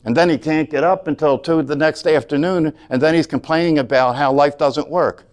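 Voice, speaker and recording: A man's voice: on the high side, normal speed, darkish tone. A man teaching a meditation class, talking earnestly and often checking in with "right?". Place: class room.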